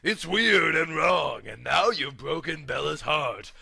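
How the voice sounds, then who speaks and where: A man voicing a furious, unhinged male werewolf king who shouts his words slowly. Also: fairly high pitch, animated, gravelly, husky, no echo, heavily acted. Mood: raging. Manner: shouting, slow and drawn out.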